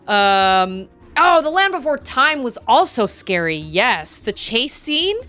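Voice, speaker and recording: A chatty woman streamer talking casually over her gameplay, laughing and gasping as she goes. Her voice is bright and crisp, with lively swings in pitch. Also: slow, soft background music. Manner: animated, chatty, laughs often, gasps.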